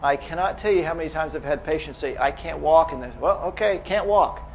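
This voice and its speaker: A man's voice: fairly high pitch, fairly quick, a little hiss or hum. Man lecturing clinicians, lo-fi hall recording. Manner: conversational, asks the audience rhetorical questions. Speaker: medical lecturer.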